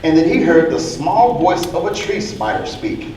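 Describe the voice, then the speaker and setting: A man reading a rhyming story aloud in a lively, sing-song way. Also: a little high, normal speed, hardly any pauses. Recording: echoey hall from far off, faint noise.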